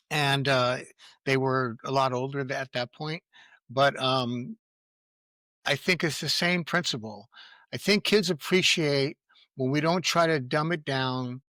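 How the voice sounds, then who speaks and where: A man's voice: on the high side, pushed and bright, no echo. A middle-aged man, a parenting coach, answering interview questions in a candid, reflective way from his own experience. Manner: earnest, reflective, speaks from personal experience.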